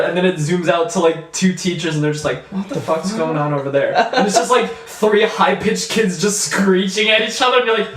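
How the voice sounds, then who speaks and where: A young man co-hosting a podcast, wry and joking, laughing often. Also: sits high. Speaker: podcast co-host. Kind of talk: casual chat. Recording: echoey room, distant from the mic, faint noise.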